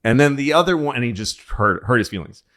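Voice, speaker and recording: A man's voice: mid-range voice, animated, fast talker, a bit bright. A man co-hosting a podcast, casually telling rambling comic stories and swearing a lot. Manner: rambling storyteller, acts out quoted voices, swears. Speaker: podcast co-host. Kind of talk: casual comedic chat.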